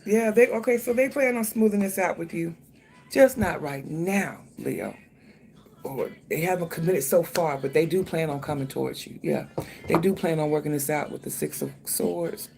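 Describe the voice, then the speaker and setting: Gravelly, swearing, chatty tarot reader. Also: medium pitch, normal speed, a little mellow. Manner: loose, thinking aloud, frequent swearing; speaks directly to the viewer. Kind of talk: casual tarot reading.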